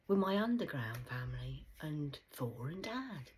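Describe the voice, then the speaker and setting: A woman delivering a rambling, profane monologue as a medium channelling spirit messages, swinging between loud outbursts and hushed whispers. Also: medium pitch, animated, normal speed, hardly any pauses. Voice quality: very husky, breathy voice.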